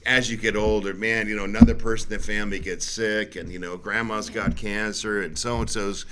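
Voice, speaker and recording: A man's voice: on the low side, little pitch movement, brisk, crowd noise. A middle-aged man chatting casually as host, telling rambling stories and acting out what others said. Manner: rambling storyteller, acts out quotes. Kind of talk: casual chat.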